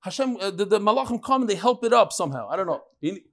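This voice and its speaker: A man teaches a daily Talmud class with a slightly raised pitch, working through ideas out loud. He throws questions at his listeners and keeps the pace moving. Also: quick pace. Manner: animated, thinks aloud and asks the room questions. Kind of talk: daily Talmud class before a live audience.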